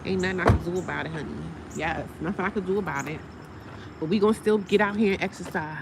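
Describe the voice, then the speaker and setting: Woman in her 40s going live from her phone outside, chatty, reading off comments, loud traffic behind her. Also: lowish voice, fast talker, creaky. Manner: chatty, reads and answers viewer comments aloud. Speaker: live-streaming vlogger. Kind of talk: casual live-stream chat. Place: outdoors by her car. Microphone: phone on a tripod.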